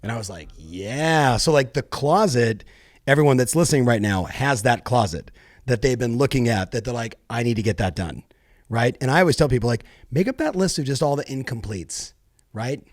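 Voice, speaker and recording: A man's voice: medium pitch, expressive, normal speed, no room sound, clean studio sound. A man hosting a podcast, talking casually and checking in with "right?". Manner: chatty, keeps saying "right?" and "yeah". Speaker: podcast host. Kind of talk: casual interview chat.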